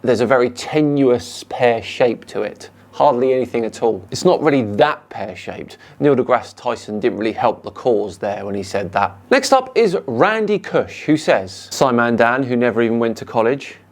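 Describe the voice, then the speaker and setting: A man with a British accent, calmly and sarcastically answering viewer comments as a channel host. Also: medium pitch, normal speed, few pauses. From United Kingdom. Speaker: YouTube science debunker host.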